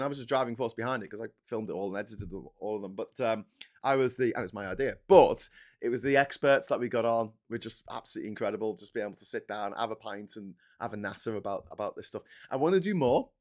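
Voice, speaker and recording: A man's voice: medium pitch, fairly bright tone. A man hosting a casual live stream, ranting sarcastically and mocking people in whiny put-on voices. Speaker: livestream host.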